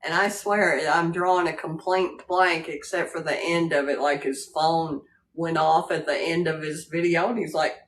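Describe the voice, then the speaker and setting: A woman's voice: low voice, steady tone, normal speed. A woman hosting a casual livestream, greeting viewers by name and laughing often as she chats. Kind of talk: casual live chat.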